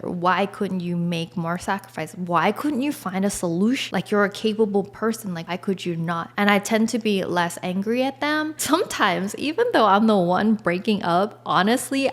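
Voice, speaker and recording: A woman in casual personal talk, candid and chatty, full of "like" and "you know". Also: mid-range voice.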